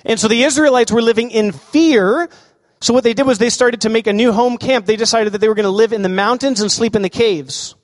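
A man with a high voice preaches a lively sermon, asking the congregation questions. His voice rings out with a long reverb in a large hall. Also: fairly quick. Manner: animated preaching, asks the crowd questions. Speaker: pastor.

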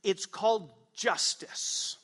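High, bright-voiced preaching pastor, man. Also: takes it slowly, long reverb tail. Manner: emphatic preaching with rhetorical questions to the congregation. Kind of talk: sermon. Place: church sanctuary.

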